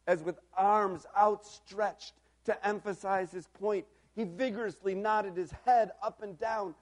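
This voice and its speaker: A man preaching a sermon in a storytelling style, moving from quiet reflection to loud, emphatic calls. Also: high voice.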